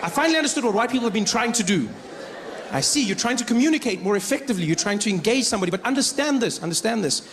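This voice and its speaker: A man from South Africa performing stand-up comedy with animated storytelling and shifting voices. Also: sits high, rapid-fire.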